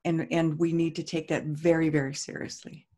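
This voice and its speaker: A woman's voice: low-pitched, flat delivery, moderate pace, mellow. Middle-aged woman host, earnest, emphatic; guided tapping with affirmations. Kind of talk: casual talk and guided tapping.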